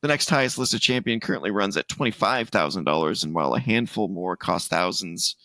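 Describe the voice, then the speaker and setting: A man's voice: low-pitched, animated, fairly quick, sharp tone, no echo. A man from Canada co-hosting a casual gaming podcast, who reads news aloud and laughs often. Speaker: podcast co-host.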